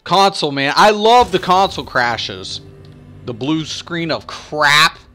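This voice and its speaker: A man's voice: a little high, very animated, takes it slowly, sharp tone, soft background music. A man giving casual, rambling gameplay commentary, swearing and complaining as he plays. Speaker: gaming streamer.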